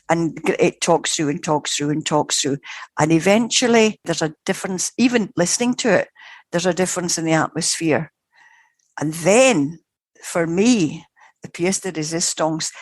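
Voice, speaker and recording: A woman's voice: on the low side, dry recording. An older woman, a guest researcher, telling a story in a vivid, dramatic way with frequent restarts. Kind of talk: conversational storytelling.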